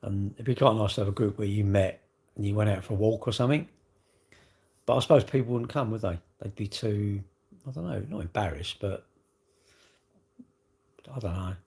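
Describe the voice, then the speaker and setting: A man's voice: fairly low pitch, normal speed, vocal fry, long pauses, darkish tone. A middle-aged English man chatting casually on his own livestream, rambling and full of tag questions. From England. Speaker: livestream host.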